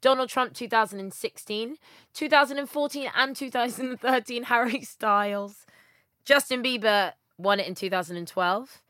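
A woman hosting a podcast quiz, reading out questions and answers in a brisk, listing way. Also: on the high side, sharp tone, no room sound, studio quality. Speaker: quiz host.

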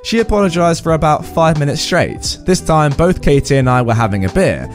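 A man's voice: a little high, expressive, brisk. Chatty man reading stories, music underneath. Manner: acts out quoted voices, chatty asides. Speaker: story reader and commentator. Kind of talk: reading stories aloud with commentary.

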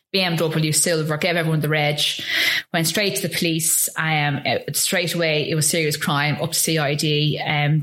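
A middle-aged Irish woman telling a painful personal story in an interview, halting and full of restarts. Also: deep voice, a bit bright. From Ireland. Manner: halting, with frequent ums and restarts. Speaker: guest. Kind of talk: emotional personal testimony.

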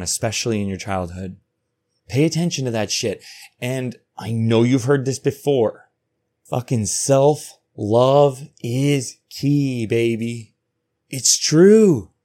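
A North American man in his thirties hosts a solo podcast, speaking casually, profanely and excitedly. He jumps between loud bursts and quiet asides in a medium-pitched voice.

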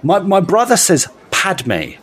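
A man's voice: mid-range voice, sing-song, moderate pace. A man co-hosting a podcast, playful and teasing in casual chat. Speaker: podcast co-host.

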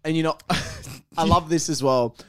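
A male co-host retells plot points in relaxed, blunt chat. His voice is clean and resonant and sits slightly high. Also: a little slow. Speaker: podcast co-host. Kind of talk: casual comedic chat.

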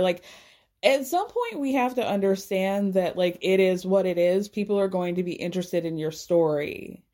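A woman's voice: on the low side, expressive, moderate pace, warm tone. A young woman giving casual, sarcastic gossip commentary, swearing freely and laughing. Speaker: vlogger.

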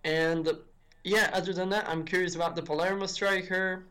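A man's voice: sits high, flat delivery, moderate pace, bright, forceful tone, smooth. A man on a football podcast as a guest, talking in a rambling, chatty way with frequent restarts. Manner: rambling, many restarts and fillers like "if you will". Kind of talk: casual football chat.

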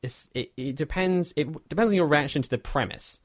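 A man's voice: on the high side, fairly quick, few pauses, no echo, clean studio sound. A man, casually reviewing a film in a wry, rambling way. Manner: wry, rambling, self-deprecating. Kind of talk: casual chat.

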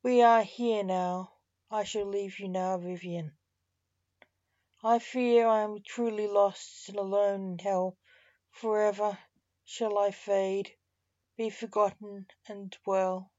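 A woman's voice: medium pitch, steady tone, takes it slowly, dark tone, dry recording, dull audio, lightly acted. A woman reading as a huffy, solemn Grim Reaper. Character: stern male Grim Reaper, weary and sharp.

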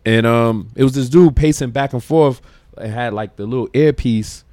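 A man, a podcast guest telling slangy, animated stories and laughing often. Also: medium pitch, moderate pace, no echo, clean studio sound. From Brooklyn, New York. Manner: animated, slangy storyteller who acts out quotes and laughs often. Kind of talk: casual storytelling interview.

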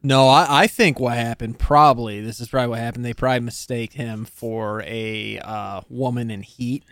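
A man playing a tabletop game, talking in an excitable way, swearing a lot and laughing often. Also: medium pitch, normal speed, no echo, studio quality. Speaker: player. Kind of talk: casual chat at a tabletop game.

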